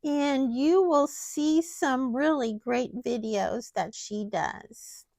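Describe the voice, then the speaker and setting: A woman hosting a craft tutorial, chatting gently and gushing as she demonstrates step by step. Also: sits high, takes it slowly, vocal fry, dry recording, studio quality.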